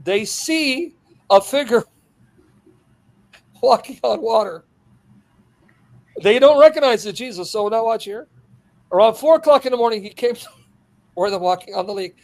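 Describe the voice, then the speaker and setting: An animated male preacher delivers an expository sermon in a high voice. He breaks into laughter and acts out the scenes as he retells them. His delivery swings between loud, excited bursts and quiet asides. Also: a little slow, long pauses.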